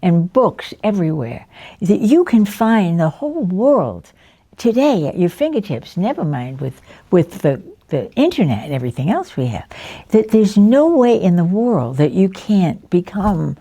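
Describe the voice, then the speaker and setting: Lively elderly woman telling stories. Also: lowish voice, measured pace, husky. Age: 90s. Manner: lively anecdotal, chuckles often, acts out the people she quotes. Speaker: interviewee, veteran educator. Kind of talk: reflective life storytelling.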